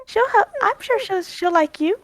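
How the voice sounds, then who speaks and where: A woman player in a tabletop game, speaking gently and coaxingly in character. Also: very high voice, lively intonation, moderate pace. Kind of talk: tabletop role-play.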